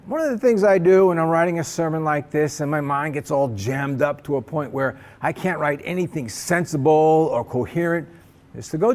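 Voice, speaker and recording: A man's voice: fairly high pitch, a little mellow. A man, an assistant pastor, preaching a sermon in a conversational storytelling way.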